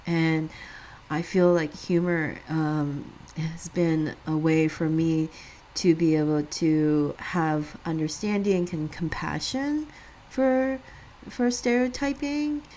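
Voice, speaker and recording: A woman with a fairly low voice tells a personal story in a relaxed, conversational way. She laughs often and lifts her voice when quoting other people. A faint hiss of noise sits under the recording. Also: takes it slowly. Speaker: podcast co-host.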